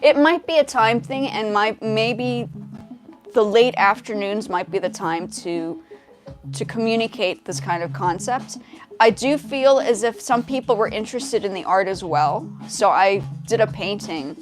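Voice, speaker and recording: A woman's voice: mid-range voice, a little slow. A young woman with a light South African accent chatting on a livestream, hesitant and friendly, often restarting her sentences as she answers viewers. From half South African, now living in the States. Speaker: livestream host, music composer. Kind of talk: casual livestream chat with viewers. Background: her music track playing faintly.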